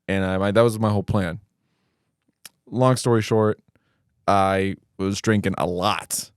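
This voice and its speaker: A man's voice: fairly low pitch, fairly even intonation, unhurried, long pauses, smooth, no echo, clean studio sound. A young man hosting a podcast, telling a long, profane, self-mocking story in a rambling casual way. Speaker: podcast host.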